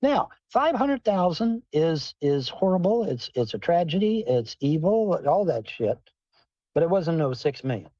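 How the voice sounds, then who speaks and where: Man, higher pitch, mellow, swearing livestream host in a car, dull dry audio. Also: big pitch swings, a little slow, dry recording. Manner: profane, rambling, answers chat questions. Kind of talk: rambling livestream chat.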